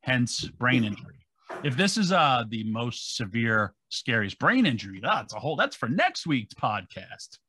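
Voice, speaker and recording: A man's voice: medium pitch, measured pace, breathy edge, no echo. Dry-sounding man retelling a story. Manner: animated, acting out quotes. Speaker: podcast co-host. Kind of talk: casual storytelling.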